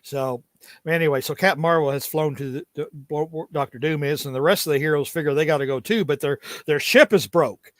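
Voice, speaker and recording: A man's voice: fairly high pitch, a little fast, fairly bright tone, no echo. A man hosting a comic book podcast, talking casually and animatedly, laughing often and reading lines from the comic in mock voices. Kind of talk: casual chat.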